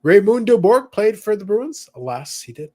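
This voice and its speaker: Guy hosting a live card hobby podcast, kinda high voice, rambly, lots of likes and uhs. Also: very animated, moderate pace, a little mellow. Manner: chatty, reads viewer comments aloud, many fillers. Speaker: podcast host. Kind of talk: casual chat.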